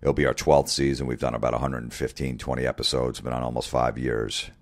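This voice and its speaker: A man's voice: rumbling low, flat delivery, brisk. A man hosting a podcast, talking casually in a profane, ranting, sarcastic way. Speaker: podcast host.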